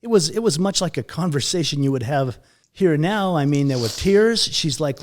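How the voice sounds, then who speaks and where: Halting, soft-spoken man telling a painful story. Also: animated. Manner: halting, repeats words, voice drops low and soft at painful moments. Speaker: guest recounting a near-death experience. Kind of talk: emotional personal storytelling.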